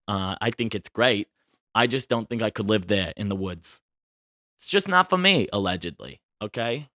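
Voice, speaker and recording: Chatty, bright-voiced male podcast host. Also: fairly low pitch, moderate pace, no room sound, studio quality. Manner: expressive and chatty, with frequent tag questions. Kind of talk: casual celebrity gossip chat.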